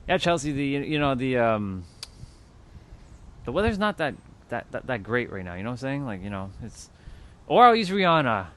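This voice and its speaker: A man's voice: medium pitch, very animated, normal speed, long pauses, fairly bright tone. A man hosting a livestream, talking to his chat in a loose, rambling way, with lots of fillers and casual swearing. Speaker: livestream host.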